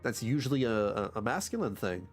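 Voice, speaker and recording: Animated male game streamer. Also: fairly low pitch, faint music behind. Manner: animated, quick reactions while reading game lines aloud. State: sick. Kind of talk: livestream gameplay commentary and dialogue reading.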